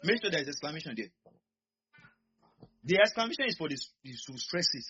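A man delivers a sermon, hammering his points with repetition and drawing answers from the congregation. His voice is bright and husky, pitched somewhat high. The recording sounds dull and lo-fi. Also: very animated, a little fast, faint music behind. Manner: emphatic, repeats lines to the congregation. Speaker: pastor. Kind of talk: sermon with call-and-response.

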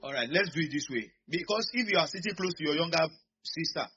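A pastor preaches a sermon, repeating lines and calling on the congregation to answer back. His voice is on the high side, bright and forceful, with lively intonation and fast delivery, captured in a dull lo-fi recording.

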